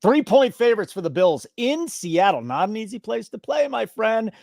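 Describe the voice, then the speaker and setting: A man's voice: sits high, normal speed, vocal fry, no echo. Guy hosting a betting podcast, joking around, voice jumping all over, dry close sound. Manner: animated, joking, mock-indignant. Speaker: sports betting show host. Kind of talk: casual betting podcast banter.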